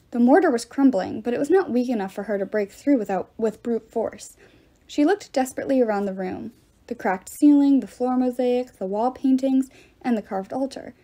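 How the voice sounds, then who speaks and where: Expressive woman reading a novel aloud. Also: fairly high pitch. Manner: expressive storytelling. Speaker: audiobook reader.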